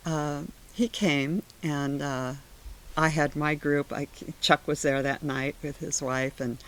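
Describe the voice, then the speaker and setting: An older woman shares personal memories in a relaxed oral history interview. She is animated and slips into the voices of the people in her stories. Her storytelling is conversational and unscripted. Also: low-pitched. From Sacramento area, USA.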